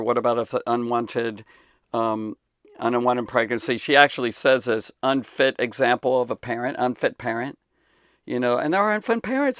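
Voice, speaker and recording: Gravelly-voiced man, emphatic and halting. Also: medium pitch, a bit bright, no echo, studio quality. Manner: emphatic, halting with many fillers and restarts. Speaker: Bible teacher answering a question. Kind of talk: unscripted talk to camera.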